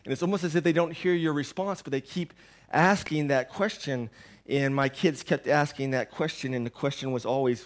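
A man's voice: fairly high pitch, normal speed. A man in his thirties preaching a rambling, self-deprecating sermon, while sick with a sore throat and medicated. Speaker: pastor. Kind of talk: conversational sermon. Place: church.

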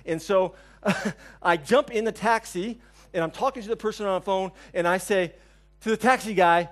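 A man's voice: sits high, normal speed, fairly bright tone. A man in his forties preaching a sermon, telling a funny story with asides to the congregation. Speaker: pastor.

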